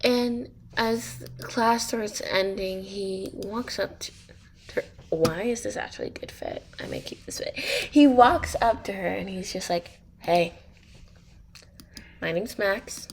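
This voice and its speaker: A woman's voice: mid-range voice, measured pace, creaky, a little hiss or hum. A woman casually telling a made-up story while she plays a game, rambling and getting sidetracked. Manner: rambling, easily sidetracked, many fillers. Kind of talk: casual spoken storytelling over gameplay.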